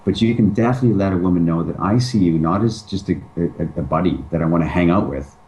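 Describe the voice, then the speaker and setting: A man with a low, warm voice speaks as a guest in a relaxed interview. He is emphatic and often slips into acted-out pickup lines. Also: fast, low-quality recording. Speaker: dating advice guest. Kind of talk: casual interview talk.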